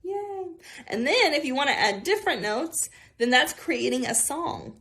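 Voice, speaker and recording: A woman's voice: high-pitched, animated, moderate pace, bright, forceful tone, slightly rough. A young woman teaching a music lesson to children at home, chatty and cheerful, often saying y'all.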